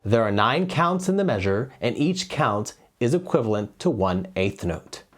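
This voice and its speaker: Male cello teacher, middle pitch, steady explainer who counts beats aloud, lapel mic. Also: moderate pace, soft background music. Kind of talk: music lesson. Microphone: lavalier.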